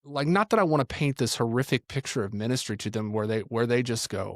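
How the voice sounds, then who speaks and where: A man's voice: medium pitch, fast talker, dry recording, studio quality. A man who is a pastor and ministry teacher, telling stories in a podcast conversation and acting out what people said. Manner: animated storyteller acting out quotes.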